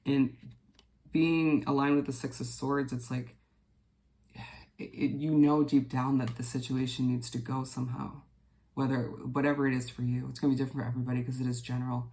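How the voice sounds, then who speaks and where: A man with a gravelly, creaky voice walks his viewers through a daily tarot spread. His pitch holds flat and level, and he speaks gently and reassuringly at an unhurried pace, dropping in relaxed fillers along the way.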